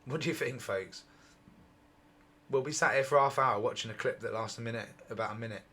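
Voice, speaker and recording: Guy hosting ufo vids, gets all worked up, voice bright and a bit hoarse. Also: mid-range voice, a little fast. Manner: excitable, repetitive, exclaims often. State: voice going hoarse. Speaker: UFO channel host. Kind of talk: excited commentary over footage.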